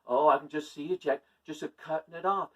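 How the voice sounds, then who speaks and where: A man doing a gullible old king, low and far. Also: steady tone, fairly bright tone, dull audio, natural voice. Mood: amazed. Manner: exclaiming, incredulous, drawn-out. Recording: distant from the mic.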